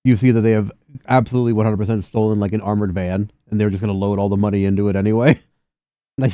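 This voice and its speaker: A man's voice: fairly low pitch, steady tone, fast talker, mellow, dry recording, studio quality. A man running a tabletop game, laughing often and voicing slangy street characters in loose, profane chat. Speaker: game master.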